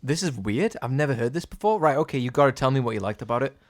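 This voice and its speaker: A man in a casual podcast chat speaks bluntly and swears freely, now and then mimicking other people mid-sentence. His mid-pitched voice rises and falls expressively. The sound is dry and close. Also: lively intonation, fast, no echo. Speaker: podcast co-host.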